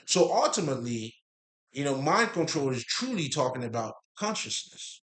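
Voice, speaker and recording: A man talks through spiritual ideas in a loose, rambling monologue at a middle pitch. He drifts off track, drops street slang and curses freely, then laughs and picks the thread back up. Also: big pitch swings, moderate pace, fairly bright tone. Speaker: spiritual talk host.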